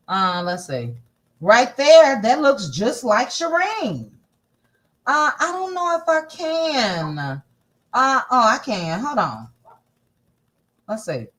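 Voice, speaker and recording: A woman's voice: medium pitch, big pitch swings, takes it slowly, pauses often, fairly bright tone. A woman hosting a casual celebrity gossip livestream, chatty and sassy, thinking aloud as she scrolls through posts. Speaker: gossip channel host.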